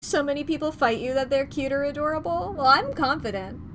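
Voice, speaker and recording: A woman streamer wrapping up a stream, excitable and giggly, chatting casually with her viewers. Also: high-pitched, noisy background. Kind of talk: casual stream wrap-up chat.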